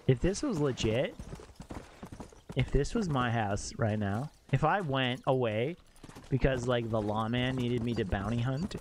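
A young man streaming a game live, reacting out loud, exclaiming and swearing as he talks to his chat. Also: medium pitch, a little hiss or hum. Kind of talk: live gameplay commentary.

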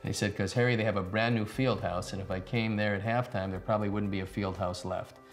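A man's voice: lowish voice, fairly even intonation, fast, soft background music. A man telling anecdotes in an interview about a former broadcast partner, acting out both sides of the dialogue in a wry way.

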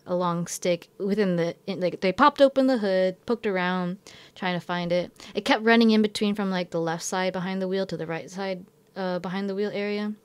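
A woman's voice: on the low side, clear, resonant tone, no echo. A young woman who teaches in Japan, telling a story in a casual vlog, rambling and filling her talk with "like" and self-corrections.

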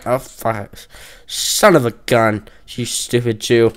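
A man's voice: medium pitch, takes it slowly, fairly bright tone, clean tone. A young man giving casual, goofy gameplay commentary, trash-talking opponents and joking around. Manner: goofy, trash-talking, breaks into off-key singing.

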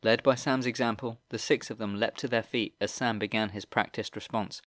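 Low-voiced man narrating a story. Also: fairly even intonation, normal speed, a bit bright, dry recording. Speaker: audiobook narrator. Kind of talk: scripted narration.

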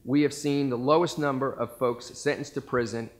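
Man, plain middle-pitched voice, earnest award presentation. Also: steady tone, moderate pace. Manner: earnest, praising, with some fillers. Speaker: association president presenting an award. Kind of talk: formal award presentation speech.

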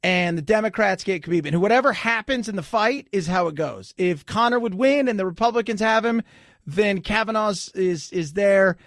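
A man's voice: high-pitched, normal speed, fairly bright tone, no room sound, clean studio sound. A middle-aged man hosting a radio talk show, chatting casually with joking, sarcastic asides. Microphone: studio microphone.

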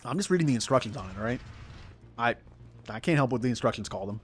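A man's voice: mid-range voice, lively intonation, quick pace, slight background noise. A man chatting casually over gameplay, rambling and poking fun at himself. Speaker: gaming streamer. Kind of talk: casual let's-play commentary.

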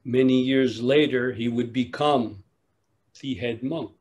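A man giving a dharma talk at a retreat, telling a teaching story in a measured way with long pauses. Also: medium pitch, darkish tone, lo-fi sound. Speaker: meditation teacher.

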